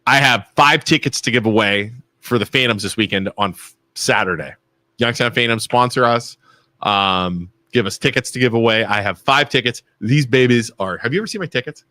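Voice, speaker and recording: A man's voice: mid-range voice, normal speed, sharp tone, no echo. A man with an Ohio accent hosting a casual local talk radio show, telling offhand stories. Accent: Northeast Ohio American. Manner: conversational, offhand storytelling. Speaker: host.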